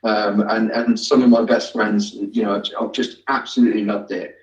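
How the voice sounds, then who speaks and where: A man being interviewed, talking in a halting way with many fillers and restarts. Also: on the low side, little pitch movement. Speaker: guest, amateur actor. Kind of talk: casual interview chat. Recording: echoey, distant, dull sound.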